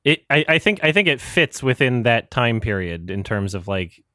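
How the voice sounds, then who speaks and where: Very animated at a normal speed, this male podcast co-host has a mid-range voice with a sharp tone as he spins a rambling story in casual conversation, often laughing and restarting sentences. The studio-quality recording has no echo.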